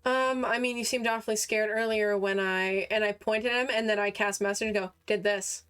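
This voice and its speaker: A woman's voice: medium pitch, steady tone, brisk, fairly bright tone, smooth. A woman playing a tabletop game, brash and swearing as she questions a suspect.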